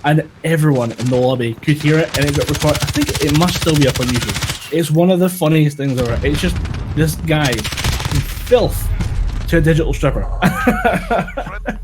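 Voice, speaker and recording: A man's voice: on the high side, lively intonation, moderate pace. A man co-hosting a casual chat about games and tech, with dry, sardonic humor and some swearing. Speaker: podcast co-host. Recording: gaming audio noise behind. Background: clicks and gunfire from a game.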